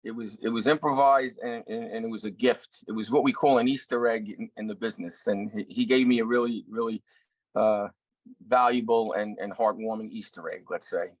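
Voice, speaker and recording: A middle-aged actor and director telling a story in an interview, earnest, with many restarts. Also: male voice, on the low side, steady tone, fairly quick, dry recording, poor audio. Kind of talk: anecdotal interview talk.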